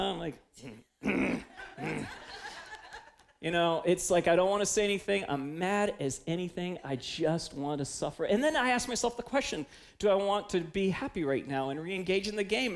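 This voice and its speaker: Gravelly pastor telling candid stories. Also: male voice, high-pitched, expressive, brisk, slight background noise. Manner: confessional, storytelling, acts out his own inner voice. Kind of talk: conversational sermon. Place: church sanctuary.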